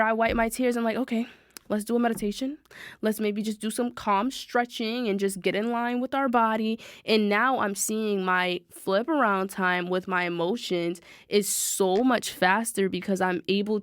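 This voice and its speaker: A woman hosting a self-help podcast, talking in a casual, animated way and addressing her listeners directly. Her voice sits at an everyday middle pitch. The sound is dry and close, with no room echo. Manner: animated, talks to listeners directly, quick asides. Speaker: podcast host.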